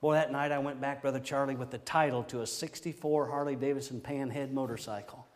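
A middle-aged man preaching a sermon, telling stories in a folksy, animated way with frequent exclamations. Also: medium pitch, brisk, in a large hall. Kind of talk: storytelling sermon.

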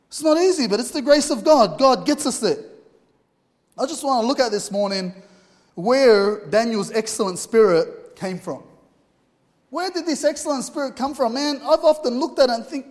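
A man with a high voice, at normal speed, preaches an informal, earnest sermon, telling a story with fillers. The recording carries a long hall reverb.

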